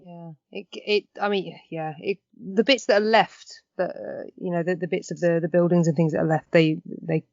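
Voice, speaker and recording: A woman's voice: on the low side, fairly even intonation, normal speed, creaky, hardly any pauses, a little mellow, dry recording, lo-fi sound. A woman hosting a casual interview, answering supportively with short agreements. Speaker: interview host.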